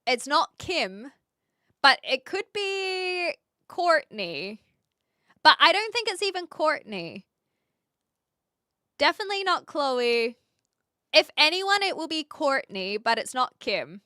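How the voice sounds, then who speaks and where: A woman's voice: sits high, sing-song, slow, pauses often, sharp tone, no echo, clean studio sound. A young woman livestreaming, chatting casually and rambling with lots of fillers while reacting to her chat. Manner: reads chat and reacts aloud.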